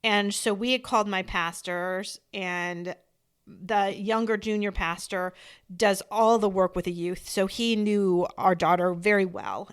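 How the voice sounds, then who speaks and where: A woman podcast host telling a story in an earnest, steady conversational way. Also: medium pitch. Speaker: podcast host, bereaved mother.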